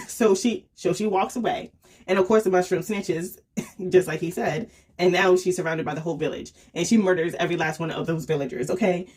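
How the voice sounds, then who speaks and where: A woman's voice: on the low side, fairly quick, a little mellow, breathy edge. A woman casually reviewing a comic series, chatty and full of fillers, often laughing and acting out quotes. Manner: chatty storytelling full of "um", "like" and "right?".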